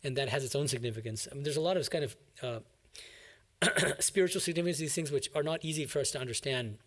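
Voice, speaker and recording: A man's voice: mid-range voice, fast, a bit bright. A man, a monk, giving an emphatic, explanatory commentary on a scripture reading to a class.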